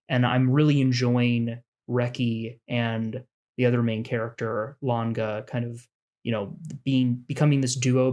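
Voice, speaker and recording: A man co-hosting a podcast in casual chat, talking in an earnest, enthusiastic, rambling way. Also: mid-range voice. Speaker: podcast co-host.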